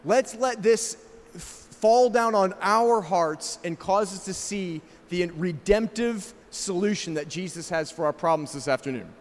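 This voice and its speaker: Man, pastor, slight South African accent, high voice, emphatic sermon, rhetorical questions, long church reverb. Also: measured pace. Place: church sanctuary.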